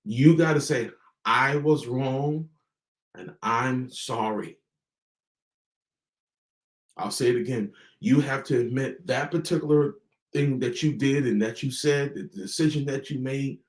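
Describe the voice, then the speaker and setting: A man's voice: medium pitch, a little mellow, roomy sound, rough recording. Emphatic man preaching to parents. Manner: preacher-like, emphatic repetition and pauses. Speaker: host. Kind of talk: motivational talk to parents.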